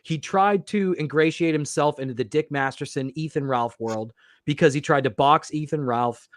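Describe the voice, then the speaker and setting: Higher-voiced rambling male podcast guest. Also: normal speed, no echo, studio quality. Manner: rambling, long-winded. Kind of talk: casual podcast banter.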